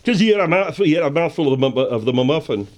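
A dim, mumbling young sidekick, played by a man in a comedy radio bit. The voice is a little high and bobs around as he slowly agrees with everyone, with a faint hiss behind him. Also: lively intonation, natural voice. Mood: dopey.

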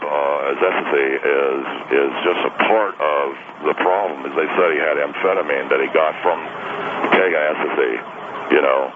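A man voicing a slow, halting male caller who repeats himself and gets flustered. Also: very deep voice, pitched below the performer's own voice. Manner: halting, repetitive. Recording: tinny phone line with noise.

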